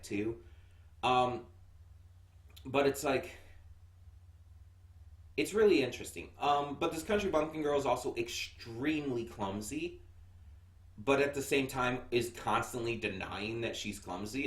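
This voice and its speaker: A man's voice: mid-range voice, a bit bright. American guy rambling through a review, lots of ums, echoey room, mic kinda far. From United States. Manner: chatty, rambling with many fillers and restarts. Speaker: anime reviewer. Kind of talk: casual first-impressions review.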